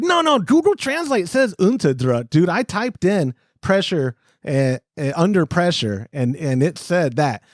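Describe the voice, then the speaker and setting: A Texan man chats casually as a podcast host, with a joking, self-deprecating manner. His pitch is fairly high and swings a lot, and the sound is dry and close. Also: no echo.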